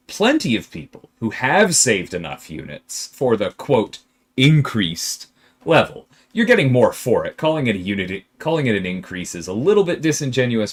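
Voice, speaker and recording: A man hosting a casual game livestream, reading chat questions aloud and answering them. His voice rises and falls a lot as he talks, and he turns emphatic and exasperated when he pushes back. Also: medium pitch. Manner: animated, emphatic, exasperated rants with laughter.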